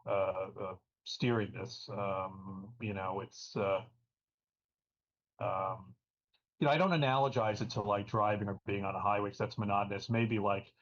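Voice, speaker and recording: A man's voice: on the low side, steady tone. Male commentator, thoughtful, filler-heavy, muffled stream sound. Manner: halting, filler-heavy, analytical. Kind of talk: live game commentary. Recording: dull lo-fi stream audio.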